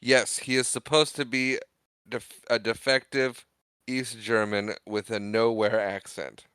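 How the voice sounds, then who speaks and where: A man's voice: mid-range voice, little pitch movement, measured pace, a bit bright, clear, resonant tone, no room sound. A man co-hosting a podcast, recapping a film in casual, jokey chat. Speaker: podcast co-host.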